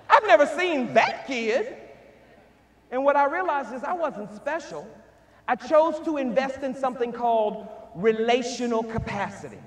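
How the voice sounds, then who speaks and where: A man giving a motivational keynote speech, calling out to the crowd and swinging between shouts and hushed tones. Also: very high-pitched, animated, moderate pace. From Houston, Texas. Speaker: keynote speaker. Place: large hall. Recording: echoey hall with long reverb.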